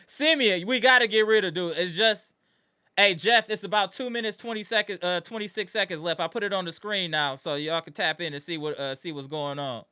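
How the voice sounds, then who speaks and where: Bright-voiced man hosting a live sports reaction. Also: sits high, brisk, clean tone. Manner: greets chat viewers by name, swings between weary muttering and heated ranting. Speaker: live-stream host.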